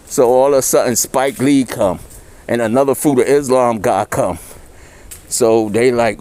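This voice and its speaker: A man's voice: measured pace, pauses often, dark tone. A middle-aged man, telling a story in loose, slangy street talk. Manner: slangy, loose street talk, acts out quoted voices higher. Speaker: interviewee. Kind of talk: casual storytelling.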